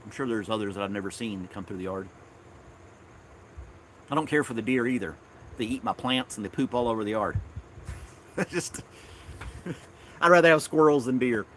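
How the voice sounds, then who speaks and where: A man with a fairly low voice rambles through a casual live stream from his backyard. He chuckles often as he talks. Faint crickets hum in the background. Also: normal speed, long pauses. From Tennessee. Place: outdoors in a backyard.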